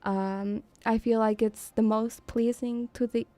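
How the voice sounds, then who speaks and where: A young woman from Eastern Europe chats on a live stream with a high, bright voice and an unhurried pace. She teases and giggles, calling her viewers darling. The sound is close and dry. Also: flat delivery, no room sound. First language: an Eastern European language. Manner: bubbly and teasing, giggles often, calls viewers darling. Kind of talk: casual live-stream chat.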